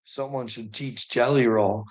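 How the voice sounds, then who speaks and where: A man's voice: medium pitch, fairly even intonation, measured pace. A man ranting in a monologue, heated and swearing constantly, with short laughs between his points. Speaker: vlogger.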